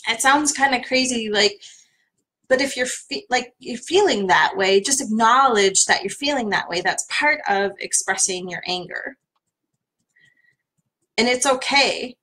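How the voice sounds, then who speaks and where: A woman leads a live-streamed tapping session in a gentle, soothing voice. Her pitch sits in an ordinary middle range. She talks plainly, with frequent fillers, as she coaches listeners through the steps. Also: poor audio.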